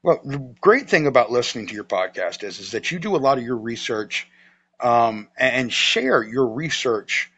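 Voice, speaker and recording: A Southern US man talks casually as a podcast host, folksy and joking, often restarting his sentences. His voice sits at a middle pitch. The audio is a little dull and lo-fi. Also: expressive, normal speed, bright, forceful tone, husky. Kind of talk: casual chat.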